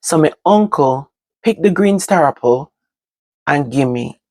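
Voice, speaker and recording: An older woman with a Jamaican accent, telling stories from her own life to her vlog audience in casual, animated talk that moves between patois and standard English. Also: sits low, unhurried, no room sound. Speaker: vlogger. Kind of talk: casual storytelling to camera.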